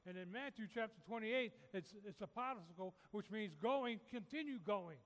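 A man's voice: sits high, normal speed, fairly bright tone, big-room sound. A man preaching a sermon, urging his listeners with repeated, rising calls. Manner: repetitive, rising exhortation.

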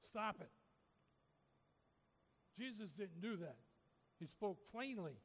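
A man's voice: sits high, animated, slow, fairly bright tone, slightly rough, big-room sound. A man preaching a sermon, urging his listeners with repeated, rising calls. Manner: repetitive, rising exhortation.

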